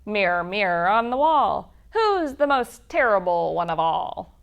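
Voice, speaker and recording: A woman voicing a boastful, slimy male monster in a storybook reading, speaking loudly. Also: medium pitch, big pitch swings, a little slow, gravelly, clean tone, highs cut off.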